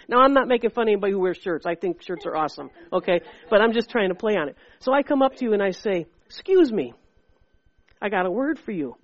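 A woman preaching a sermon in a lively, conversational way, acting out little voices as she goes. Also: medium pitch, quick pace, no room sound, highs cut off. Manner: animated and conversational, acts out voices.

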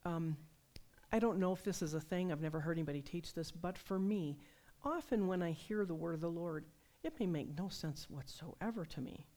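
A woman preaching a sermon, telling personal stories in a conversational, animated way. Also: lowish voice, normal speed. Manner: conversational, animated storytelling with laughs.

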